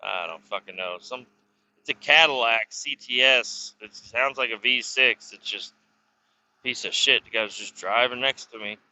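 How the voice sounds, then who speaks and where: A man's voice: medium pitch, normal speed, sharp tone. Profane man rambling from his car. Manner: profane, laid-back, chuckling, rambling. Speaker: vlogger telling life stories. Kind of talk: casual rambling storytelling. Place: inside a car while driving.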